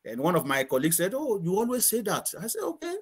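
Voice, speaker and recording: Man from nigeria, high voice, rambling interview chat, repeats himself, laughs a lot. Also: wildly swooping pitch, fast talker, breathy edge. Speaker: guest.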